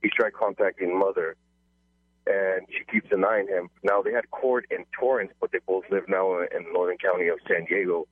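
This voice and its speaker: A polite, slightly hesitant male caller phoning in to a radio show. His voice is low and husky, and it comes through a tinny phone line. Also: fairly even intonation, normal speed, no room sound.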